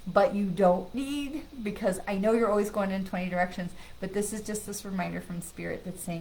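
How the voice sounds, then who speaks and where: A woman's voice: medium pitch, a little fast, few pauses, slight background noise, low-quality recording. Chatty, reassuring woman psychic. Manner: chatty, reassuring, repeats "okay?" and "right?"; bursts into loud excited laughter when greeting friends. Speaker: psychic medium giving card readings. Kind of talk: live-stream card reading, casual chat.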